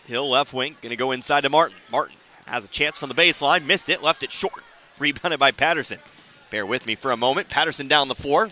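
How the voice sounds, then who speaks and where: A man calling a high school basketball game on the radio, quick play-by-play with dry asides. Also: bright, forceful tone, a little hiss or hum. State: hiccuping. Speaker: play-by-play announcer.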